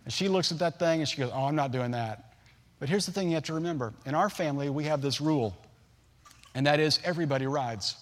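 A man in his forties preaching a sermon, telling a family story with lively acted-out voices. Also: fairly high pitch, fast talker. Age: 40s. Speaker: pastor. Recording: long hall reverb.

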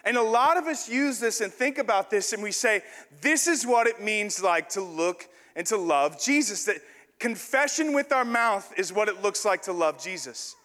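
Man, pastor, animated playful sermon, high voice, echoing church hall. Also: normal speed. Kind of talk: sermon with an on-stage illustration.

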